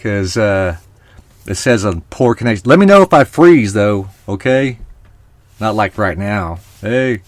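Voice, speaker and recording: A man's voice: lowish voice, animated, measured pace, no echo. A man hosting a live podcast stream, talking casually and rambling to his viewers. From Oklahoma. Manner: chatty, rambling, talks to viewers. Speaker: podcast host.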